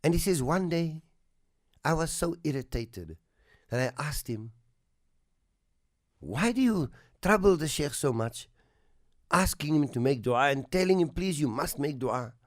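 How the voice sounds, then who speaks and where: Guy hosting a radio show, slow and earnest storytelling, goes soft and hushed, dry studio sound. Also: on the high side, lively intonation, no room sound. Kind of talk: radio talk with a moral story.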